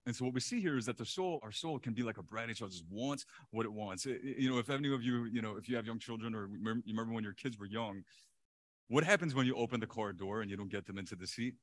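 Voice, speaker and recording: A male pastor preaching a sermon in an animated way, chuckling often and repeating words for emphasis. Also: fairly low pitch, fast.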